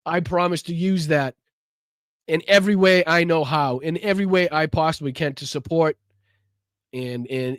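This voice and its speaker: A man's voice: a little high, dry recording, studio quality. A man hosting a live podcast stream, ranting with lots of swearing, then thanking viewers from the chat. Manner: profane, impassioned ranting; calmer, halting reading of chat messages. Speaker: podcast host. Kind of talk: livestream rant and chat thank-yous.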